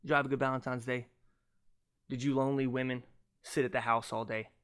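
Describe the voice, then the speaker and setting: A young man hosting his own podcast on a cheap mic, ranting loudly and mockingly with lots of swearing. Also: mid-range voice, flat delivery, brisk, smooth. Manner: loud, mocking, profane ranting. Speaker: podcast host. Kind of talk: casual ranting monologue. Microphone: cheap USB podcast mic.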